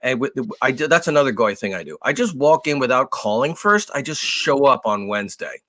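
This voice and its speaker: A man co-hosting a podcast, telling a long story in a casual, animated way with lots of swearing. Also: mid-range voice, a little fast. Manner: animated, profane, acts out raised voices. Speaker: podcast co-host.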